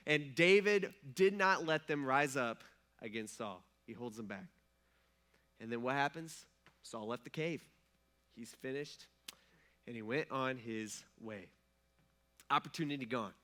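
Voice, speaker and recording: A man's voice: a little high, bright, forceful tone. A male pastor preaching a sermon in a casual storytelling way, slipping into the characters' voices as he retells the story. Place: church.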